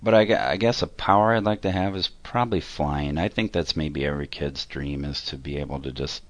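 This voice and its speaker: In a rumbling low voice with no echo, a man answers interview questions about himself and his accounting work. His answers halt, ramble and keep correcting themselves.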